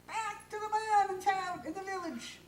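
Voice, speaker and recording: A woman doing a high, insistent wife. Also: steady tone, normal speed, slight background noise. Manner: high, bossy and urgent. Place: live stage in a hall. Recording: echoey hall from far off.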